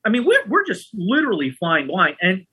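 Man host, husky and bright, chatty storyteller with a lively, swinging delivery. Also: high voice, moderate pace. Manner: lively, chatty, often adds "right?" and "man". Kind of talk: casual storytelling chat.

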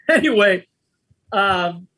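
Man host, husky and bright, chatty storyteller with a lively, swinging delivery. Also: sits high, very slow. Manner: lively, chatty, often adds "right?" and "man". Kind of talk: casual storytelling chat.

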